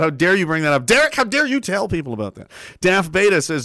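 Man, stream host, casual and profane, wide-ranging pitch, slightly high voice. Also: quick pace, dry recording, clean studio sound. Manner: animated, profane, casual, slips into impressions. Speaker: show host. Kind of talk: livestream talk reading viewer messages.

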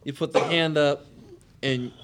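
A man's voice: on the high side, steady tone, a little slow, noisy background. A man co-hosting a podcast, chatting in a jokey, reassuring way. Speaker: podcast co-host. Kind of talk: casual chat.

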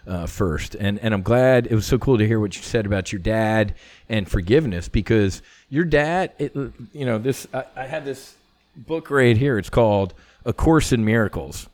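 A middle-aged man, a former fighter pilot, telling stories as a podcast guest in a casual, animated way, swearing freely and full of "you know" fillers. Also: on the low side, moderate pace, no echo. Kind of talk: casual conversational storytelling.

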